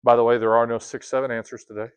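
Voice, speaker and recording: A male math teacher running a classroom lesson at a middle pitch. He keeps it casual and joking and keeps asking the class questions. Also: little pitch movement, rapid-fire, smooth.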